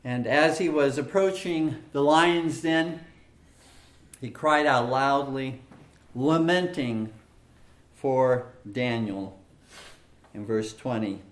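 A man with a medium-pitched voice preaches an expository sermon slowly and deliberately in an echoey room. His delivery is measured and emphatic, building points with repeated phrases and many small fillers.

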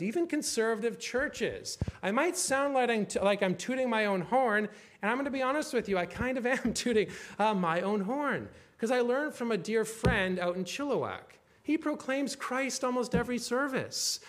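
A man pastor preaching a sermon, emphatic and full of rhetorical questions, slowing down to read scripture and the confession aloud. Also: very high-pitched, lively intonation, a bit bright.

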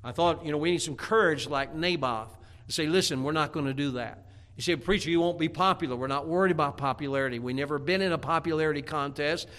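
Animated, bright-voiced male preacher. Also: mid-range voice. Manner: animated storytelling preaching, acting out scripture characters. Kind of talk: sermon.

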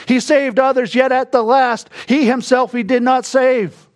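A man preaching a sermon, moving between quiet, hushed reflection and sudden bursts of emphasis. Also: extremely high pitch, steady tone. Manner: slow, reflective preaching that drops to a hush and rises to bursts of emphasis. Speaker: pastor.

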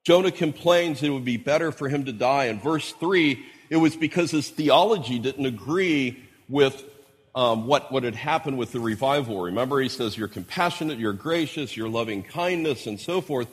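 A man's voice: mid-range voice, moderate pace, breathy edge. A man preaching an expository sermon, quoting scripture as he explains the text. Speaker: pastor. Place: church hall. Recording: church hall recording with long reverb.

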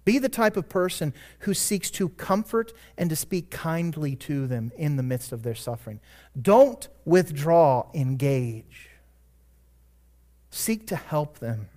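This preacher's voice sits on the high side yet has a dark tone, and he is very animated while speaking slowly. His sermon stays earnest and chatty, swinging from emphatic high points to offhand asides, with frequent self-corrections along the way.

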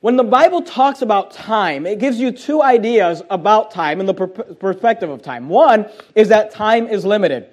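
Male pastor, high voice, emphatic sermon delivery with rhetorical questions. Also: expressive. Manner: emphatic preaching, drawn-out scripture quotes, fillers like uh; asks the congregation rhetorical questions.

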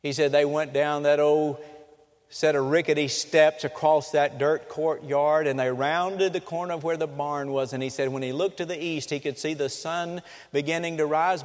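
A man preaching a sermon with dramatic storytelling, changing pace and loudness. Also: on the high side. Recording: long reverb of a hall.

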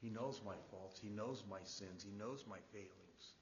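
A man preaching a sermon as pastor, repeating key phrases for emphasis and building from quiet reflection to emphatic preaching. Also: on the low side, moderate pace, creaky, in a large hall, dull audio, slight background noise.

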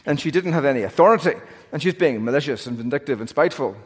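A male pastor preaching an earnest, animated sermon from the pulpit, with touches of self-deprecating humor. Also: on the high side, fast, breathy edge. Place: church sanctuary, pulpit. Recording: long church reverb.

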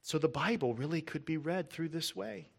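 A man preaching a sermon in a slightly high voice. He builds emphatic lists with slowed, stressed words, then drops to a soft low tone at key points. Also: creaky, slightly rough.

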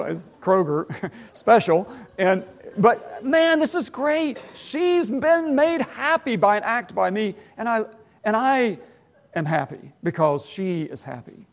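Man with a fairly high voice, teacher giving a folksy sermon to students, halting, self-deprecating. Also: expressive, gravelly.

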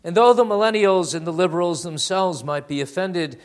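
A man preaching a sermon, reading scripture aloud with slow, stressed phrasing and calling his listeners beloved. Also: high-pitched. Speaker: pastor.

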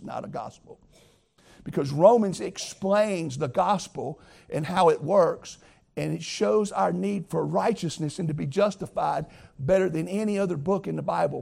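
A man's voice: a little high, vocal fry, warm tone, slightly rough. A man preaching a sermon as pastor, earnest and emphatic, talking straight to his listeners.

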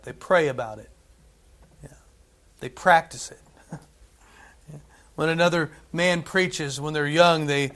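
A man preaching a sermon in a conversational way, often checking in with "right?" and dropping from loud to hushed. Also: fairly high pitch. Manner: conversational, frequent "right?" asides, swings between loud and hushed.

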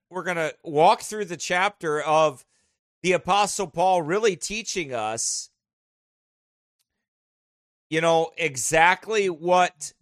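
A man opens a sermon in an excitable, rambling way. His voice is bright and slightly high, and the sound is dry and close. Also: no echo. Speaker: preacher.

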